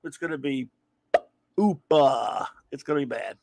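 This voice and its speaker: This comics livestream host is a Louisiana man with a slightly high, mellow voice who speaks unhurriedly. He rambles through strong opinions and gives his viewers a friendly greeting, and there is no room sound in the recording.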